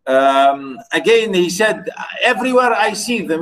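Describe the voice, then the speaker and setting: A male lecturer teaching poetry in a classroom, talking slowly and repeating himself with many fillers and restarts. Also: high-pitched, animated, a bit bright, low-quality recording.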